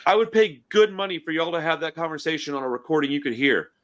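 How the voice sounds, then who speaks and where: A man talks on a laid-back podcast, racing through a story about his record store. His voice sits a bit high and his words pour out quickly. He swears freely and keeps slipping into "I was like.". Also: a crowd in the background. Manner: profane, animated storytelling, heavy on "I was like". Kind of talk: casual podcast chat.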